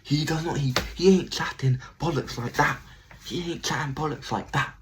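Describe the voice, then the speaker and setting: A man's voice: on the high side, normal speed, pitched above the performer's own voice, lightly acted. A man putting on the voice of a brash, scheming male fight manager who talks pushily and repeats himself. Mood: defensive.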